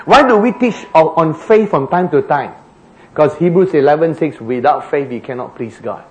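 Male pastor, high and animated voice, unhurried, leans on repetition for emphasis. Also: poor audio. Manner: deliberate, rhetorical questions, emphatic repetition. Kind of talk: sermon. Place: church.

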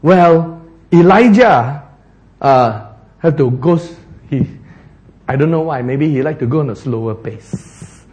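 A man's voice: on the high side, lively intonation, takes it slowly, pauses often, a little mellow, muffled recording. A man preaching a sermon, telling the story with animation, laughing often and acting out the characters.

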